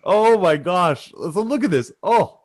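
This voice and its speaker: A man hosting an interview in casual chat, excitable, laughing often and poking fun at himself. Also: high-pitched, takes it slowly, crowd noise. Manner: excitable, laughs a lot, self-deprecating. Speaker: host.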